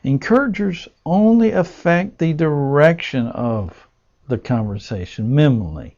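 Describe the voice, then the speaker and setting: Gravelly male instructor, unhurried lecture delivery, muffled lo-fi sound. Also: mid-range voice, darkish tone. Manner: slow, deliberate, with many "uh" fillers. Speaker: pastoral care instructor. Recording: dull lo-fi recording.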